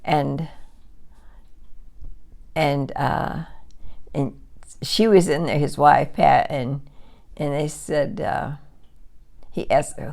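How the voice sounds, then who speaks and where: Woman, 60s, low and gravelly, chatty vlogger who rambles and repeats herself. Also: fairly even intonation, very slow, pauses often, a little mellow. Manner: rambling, repeats words, restarts sentences. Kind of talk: casual chat, storytelling.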